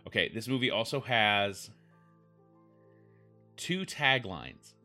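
A man's voice: on the low side, animated, takes it slowly, bright, forceful tone, faint music behind. A man hosting a podcast, rambling through wry, self-deprecating comedic commentary.

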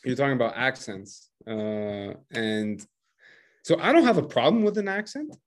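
A bilingual English-French man living in France hosts a casual podcast conversation as an English teacher, chatty and laughing often between points. His medium-pitched voice is very animated, at a moderate pace.

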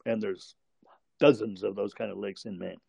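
A man's voice: lowish voice, steady tone, moderate pace, gravelly, darkish tone, breathy edge, no room sound. Chuckling older man telling a long story. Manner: rambling, chuckling often, self-correcting. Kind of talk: casual anecdote telling.

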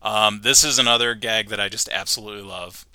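Man, podcast host, episode recap, bright voice, dry sound, laughs a lot. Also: on the low side, fairly quick, no echo. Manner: animated storytelling, laughing often.

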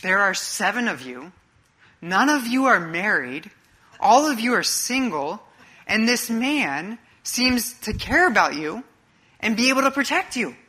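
A preacher doing an exasperated old dad. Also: male voice, high-pitched, sing-song, unhurried, sharp tone, husky, pitched above the performer's own voice, full character voice, poor audio. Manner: raised, incredulous scolding. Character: exasperated old father scolding his seven daughters.

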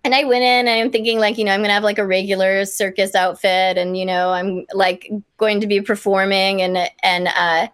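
A woman's voice: medium pitch, little pitch movement, fairly quick, few pauses, a bit bright, smooth, no room sound. A young woman from Kansas telling a story as a guest, bubbly and full of "like" fillers. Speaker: guest performer. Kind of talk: casual storytelling.

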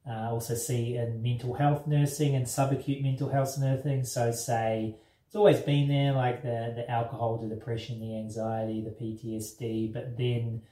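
A man's voice: medium pitch, flat delivery, normal speed, warm tone. New Zealand man in an echoey room. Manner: rambling, searching for words with many fillers. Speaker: mental health nurse. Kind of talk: conversational interview. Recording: echoey room, mic at a distance.

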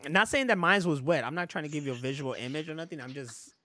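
A man's voice: a little high, fast talker, sharp tone, no room sound, clean studio sound. A man hosting a podcast in loose casual chat, rambling, laughing often and swearing freely. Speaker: podcast host.

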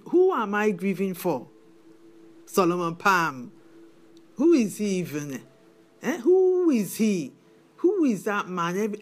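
Betrayed nigerian widow, middle-aged, indignant, keeps going "eh?", normal pitch. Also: female voice. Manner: indignant, tearful, repeats "eh?". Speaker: widowed mother. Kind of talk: film drama acting.

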